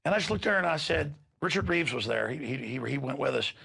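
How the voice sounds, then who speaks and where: A man's voice: on the high side, expressive, fast talker, gravelly, pushed and bright, husky. A middle-aged man, hosting a show and delivering an impassioned, emphatic rant to his listeners. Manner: ranting, emphatic, repeats words when worked up. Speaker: radio show host.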